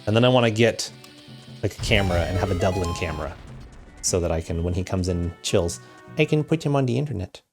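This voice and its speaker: A man's voice: sits low, animated, brisk, music in the background. A young man chatting casually and affectionately while streaming a video game, rambling between topics.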